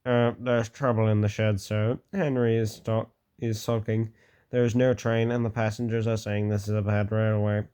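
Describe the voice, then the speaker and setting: A man's voice: lowish voice, flat delivery, normal speed, warm tone, clean tone, close to an everyday voice. A man reading aloud, voicing a worried male station master who stumbles over his words. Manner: worried and hesitant.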